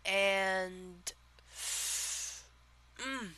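A young Southern woman drawls her way through a casual vlog chat, slow and unhurried. Her voice is bright and smooth, broken up by giggles and filler words. The sound is dry and close. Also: mid-range voice. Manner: giggly, rambling, many fillers. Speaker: vlogger answering question tag.

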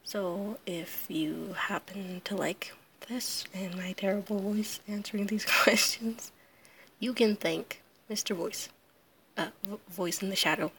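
Hoarse, sick woman talking slowly. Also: medium pitch, fairly even intonation, fairly bright tone, a little hiss or hum. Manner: halting and apologetic, with nervous laughs. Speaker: audio creator answering a questionnaire. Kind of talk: casual solo recording.

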